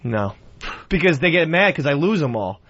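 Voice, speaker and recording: Brief: giggly, sheepish man with a slightly high voice, muffled radio broadcast. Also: very animated, normal speed, a bit bright, dry recording. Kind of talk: casual confessional chat.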